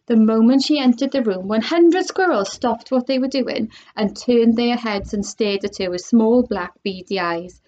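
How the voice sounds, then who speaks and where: A woman's voice: on the high side, normal speed, hardly any pauses, a little mellow. A woman, a primary school teacher, reading a children's storybook aloud expressively. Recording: dull lo-fi recording.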